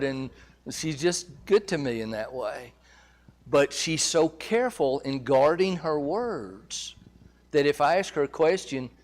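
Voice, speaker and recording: A man presenting a marriage seminar in a church, talking conversationally and checking in with his audience. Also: a little high. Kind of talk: teaching a seminar.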